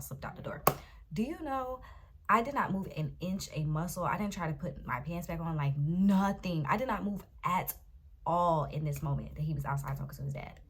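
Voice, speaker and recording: With a lowish, breathy voice, a young woman vlogger speaks directly to her viewers in a storytime vlog. Her dramatic retelling is animated, and she calls her audience "y'all" and "baby."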